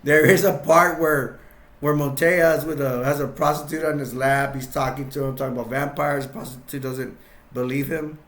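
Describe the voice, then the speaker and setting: A man's voice: on the high side, fairly even intonation, normal speed, a bit bright. A man casually recapping a film scene by scene, rambling, restarting his sentences and chuckling as he goes. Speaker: film reviewer. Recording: roomy echo.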